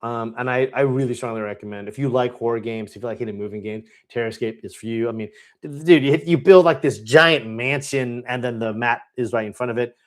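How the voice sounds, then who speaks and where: Male live-stream host, excitable, casual rambling delivery, frequent fillers. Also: medium pitch, a little fast. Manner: enthusiastic, rambling with many fillers. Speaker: board game channel host. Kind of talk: live Q&A chat.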